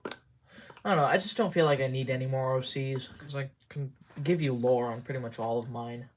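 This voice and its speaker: A man chatting casually on a live stream, rambling and halting, muttering to himself and trailing off between thoughts. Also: mid-range voice, fairly even intonation. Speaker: livestreamer.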